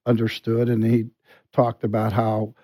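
Brief: middle-aged male guest, mellow and halting, dry studio sound. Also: fairly low pitch, completely flat delivery, no room sound. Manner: halting, full of restarts and quiet asides. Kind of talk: conversational storytelling.

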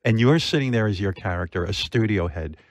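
A man hosts a loose conversation in a fairly low voice, heaping praise on a show. He rambles through fillers and swears freely. The recording is dry and close. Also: expressive, brisk, dry recording. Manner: enthusiastic, profane, rambling with fillers. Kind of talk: casual interview chat.

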